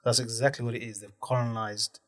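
A man's voice: medium pitch, little pitch movement, fairly quick, a bit bright, no echo, clean studio sound. A man hosting a casual podcast chat, explaining his views thoughtfully and at length.

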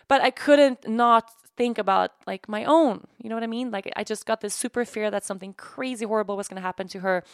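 A woman in her thirties hosting a podcast, talking candidly and emotionally in a halting way, tired from sleepless nights. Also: fairly high pitch, smooth, dry recording, studio quality. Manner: halting, emotional, many restarts and "like". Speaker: podcast host. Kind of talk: candid personal monologue.

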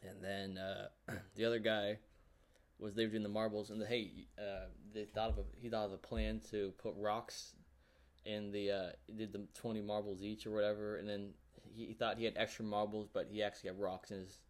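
A man vlogging a casual, rambling recap of a show, full of fillers and excited reactions. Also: lowish voice, normal speed. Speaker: YouTuber.

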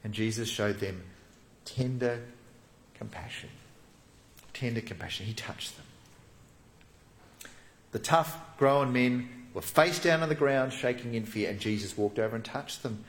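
A man preaching a sermon as a pastor, telling the story vividly and dropping to soft, hushed tones. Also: medium pitch, animated, normal speed, reverberant.

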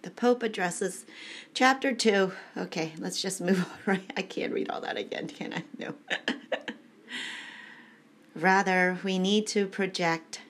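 A woman's voice: medium pitch, unhurried, pauses often, fairly bright tone. A woman casually reading aloud at home and adding her own rambling, heartfelt, emotional commentary. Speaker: reader giving commentary.

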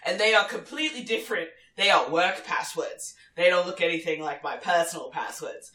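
A woman's voice: fairly low pitch, fairly quick, pushed and bright. Emphatic woman talking in a roomy echo. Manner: emphatic, opinionated, swears, repeats words. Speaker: teacher and podcast co-host. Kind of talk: casual chat.

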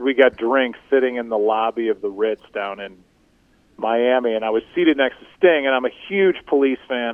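A middle-aged man telling self-deprecating stories as a guest in a casual interview, with halting restarts. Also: medium pitch, dry recording. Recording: tinny phone-like remote line.

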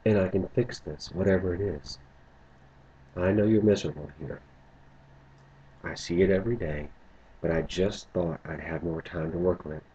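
A man voicing an anxious, protective young man in love who turns insistent, in a husky voice on a muffled lo-fi recording. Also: low-pitched, moderate pace, pauses often, warm tone. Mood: pleading. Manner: pleading, then angry and insistent.

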